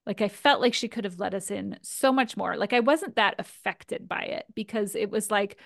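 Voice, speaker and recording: A chatty podcast co-host with a gravelly, vocal-fry edge to her voice. She recaps a reality show in relaxed, lively talk and laughs often. The recording is dry and close, with almost no room sound. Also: medium pitch, moderate pace, no echo.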